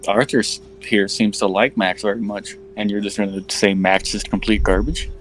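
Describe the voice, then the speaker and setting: A man's voice: on the low side, steady tone, moderate pace, faint music behind, low-quality recording. A man speaking in character as a player in a tabletop game, bold and confrontational. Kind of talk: in-character tabletop role-play.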